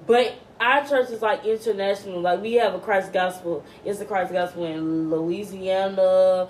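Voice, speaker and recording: A woman co-hosting a podcast, telling stories in a blunt, profane, animated way. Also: mid-range voice, moderate pace, roomy sound, recorded from a distance, a little hiss or hum, poor audio. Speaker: podcast co-host. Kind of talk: casual chat.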